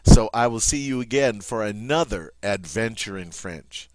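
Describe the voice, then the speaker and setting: A man's voice: on the low side, lively intonation, moderate pace, darkish tone, no room sound. A man teaching a French grammar lesson, emphatic and repeating "all right" often.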